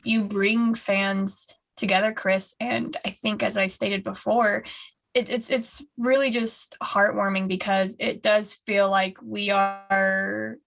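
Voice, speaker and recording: Gushing woman with a gravelly edge. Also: medium pitch, flat delivery, slow pace, a bit bright. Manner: gushing, full of likes and restarts. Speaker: co-host. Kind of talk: casual fan podcast chat.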